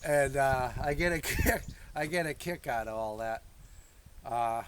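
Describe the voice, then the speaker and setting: A man's voice: medium pitch, unhurried, a little hiss or hum. A man hosting an off-grid homesteading vlog, chatting in a folksy way outdoors and full of country sayings. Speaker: homesteader, channel host. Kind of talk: casual outdoor vlog talk. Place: outdoors in the woods.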